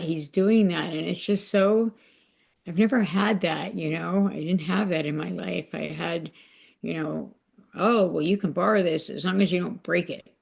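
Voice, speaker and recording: A woman's voice: fairly low pitch, vocal fry, a little mellow, breathy edge. A woman on a podcast sharing a personal devotional story, talking emotionally and rambling with many fillers. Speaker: podcast guest. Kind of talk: casual heartfelt sharing.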